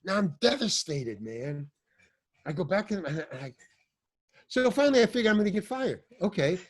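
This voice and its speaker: An older man, an actor, telling animated, rambling stories as a podcast guest, swearing and restarting his sentences. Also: sits high, moderate pace. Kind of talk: storytelling in a podcast interview.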